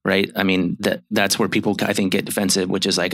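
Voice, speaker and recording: A man in his thirties talks as a marriage therapist on a podcast, working through ideas thoughtfully with fillers. His voice sits fairly low. The sound is dry, with no room echo. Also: little pitch movement, brisk, a bit bright. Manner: thoughtful, explanatory, with frequent fillers and restarts. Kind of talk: casual chat about relationships.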